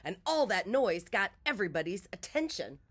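A woman reading a children's picture book aloud, with expressive storytelling. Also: medium pitch, moderate pace, slightly rough.

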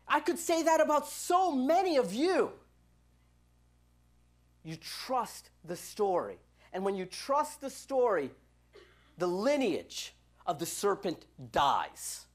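A woman youth minister preaching a church sermon, telling stories and acting out the dialogue in them. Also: a little high. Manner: animated storytelling, acts out quoted dialogue.

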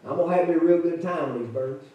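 A man's voice: on the high side, fast, narrow, tinny audio, voice pushed down, lightly acted. A man voicing a young, mischievous, mean boy who talks in a boastful drawl. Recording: echoey church from far off.

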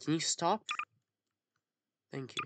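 Very low-voiced woman gaming. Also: slow pace. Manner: excitable, swearing, yelling at the game. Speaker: gamer. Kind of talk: gameplay commentary. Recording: loud background noise.

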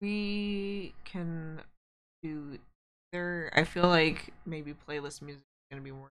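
A woman chatting casually on a live stream, speaking softly and barely projecting her voice. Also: steady tone, takes it slowly. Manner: soft-spoken, quiet, low projection. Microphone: desk mic on an arm.

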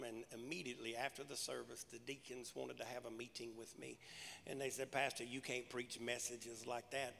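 A man's voice: mid-range voice, gravelly, fairly bright tone, in a large hall, a little hiss or hum. A male pastor preaching a sermon in a church, punchy and conversational, with casual everyday grammar. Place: large church sanctuary.

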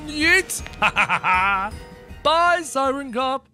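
Excitable man narrating gameplay. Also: high-pitched, a little slow, breathy edge, faint music behind. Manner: theatrical, excitable, yelps and shrieks. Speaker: gaming video host. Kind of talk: excitable game commentary.

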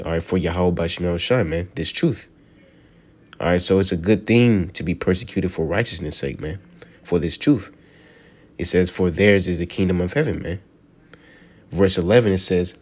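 Speaking in a low voice, this preacher reads scripture slowly before unpacking it in a loose, conversational way. His lines tend to finish with "you know" or "man."

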